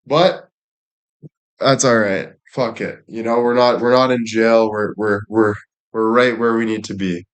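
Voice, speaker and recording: A young man in loose, crude conversation, talking in circles and breaking into laughter. His voice sits a bit on the low side. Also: steady tone, a little slow. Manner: crude, rambling, laughs often. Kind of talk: casual chat.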